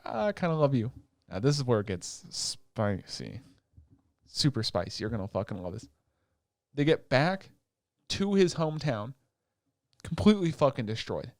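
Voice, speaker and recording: Recorded cleanly in a studio without echo, a man with a mid-range voice co-hosts a podcast. He gives a casual anime recap full of swearing, performing the characters' dialogue along the way.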